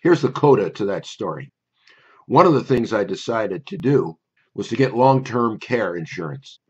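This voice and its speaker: An older man, a memory course instructor, telling a personal story in a wry, conversational way before pitching his course. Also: animated, normal speed, a little mellow, breathy edge, highs cut off.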